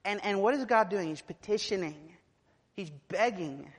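A woman preaching a sermon, building to loud, emphatic declarations, then dropping soft and low, and repeating words when pressing a point. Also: lively intonation, moderate pace, breathy edge. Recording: long reverb of a large hall.

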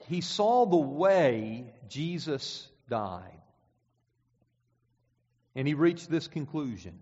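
A man's voice: mid-range voice, expressive, unhurried, a little mellow, breathy edge. A man preaching a sermon in a conversational way, often repeating words and reading scripture aloud. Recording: dull sound with long hall reverb.

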